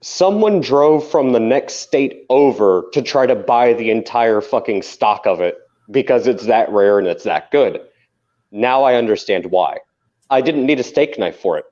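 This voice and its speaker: A man's voice: medium pitch, expressive, unhurried, a little mellow. A man co-hosting a casual podcast chat, talking emphatically and with plenty of swearing. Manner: profane, emphatic, insistent. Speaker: podcast co-host. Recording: dull lo-fi sound.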